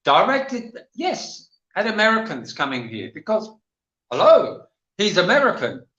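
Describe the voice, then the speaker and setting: A man's voice: high-pitched, huge pitch swings, a little slow, bright, forceful tone, echoey room, dull audio. An older man with an English accent, telling rambling stories as a guest on a livestream panel chat. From England. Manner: chatty, rambling storyteller.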